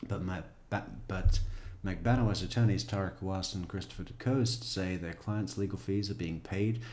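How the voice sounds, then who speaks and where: A man's voice: sits low, normal speed, darkish tone, echoey room. A man reading a news article aloud as a true crime commentator, breaking in with wry, sarcastic asides.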